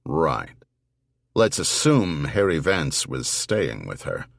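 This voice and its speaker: A dry, quick-witted female army investigator, as a male narrator puts her on. She is lifted a little above his own deep voice and speaks with a wry, matter-of-fact edge. Her lines lilt expressively instead of landing flat. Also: vocal fry, no room sound, heavily acted.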